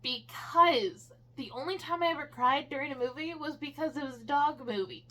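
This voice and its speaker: A woman's voice: high-pitched, moderate pace, pushed and bright. A woman co-hosting a casual movie review chat from her couch at home, dry and matter-of-fact. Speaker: co-host of a movie review show. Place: living room couch at home.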